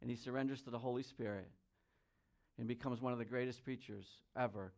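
A man preaching a sermon. He reads scripture aloud, comments on it, and swings between loud emphasis and quiet asides. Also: mid-range voice, fairly even intonation, brisk, vocal fry. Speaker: pastor.

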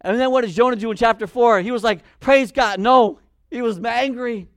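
A male preacher giving a sermon, animated, acting out Bible figures in quick voices. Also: very high-pitched, dry recording, clean studio sound.

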